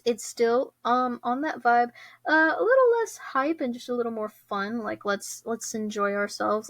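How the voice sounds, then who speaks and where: A woman's voice: fairly high pitch, no room sound. A young woman hosting her own podcast in casual chat, bubbly and giggly, with many fillers and restarts. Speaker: podcast host.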